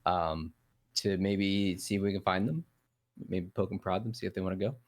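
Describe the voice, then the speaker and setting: A man's voice: low-pitched, fairly even intonation, normal speed. A man playing a tabletop game, thinking aloud in a hesitant, casual way. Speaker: player.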